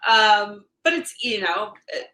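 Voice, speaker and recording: A woman's voice: medium pitch, slow pace. A woman in her thirties co-hosting a podcast, chatting casually and laughing as she acts out what people said. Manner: chatty, laughing often, quotes people in animated voices. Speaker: podcast co-host. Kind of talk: casual chat. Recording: roomy echo.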